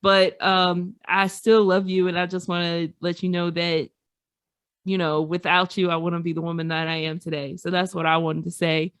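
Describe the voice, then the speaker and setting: A woman's voice: lowish voice, level tone, moderate pace, clear, resonant tone, no echo, clean studio sound. A woman co-hosting a podcast, speaking earnestly and directly to her mother and the listeners in casual chat. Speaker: podcast co-host.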